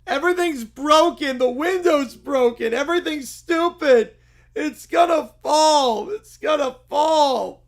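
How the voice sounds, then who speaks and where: Guy doing a high whiny cartoon kid, drags every word out, scared and bratty. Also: vocal fry, exaggerated voice. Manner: whining, complaining, drawn-out.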